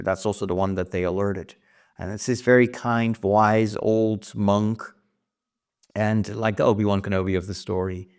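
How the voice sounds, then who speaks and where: A man's voice: fairly low pitch, fairly even intonation, normal speed, a little mellow, clear, resonant tone. A man hosting a casual writing vlog, thinking aloud about his story plans with frequent restarts. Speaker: writer and vlog host.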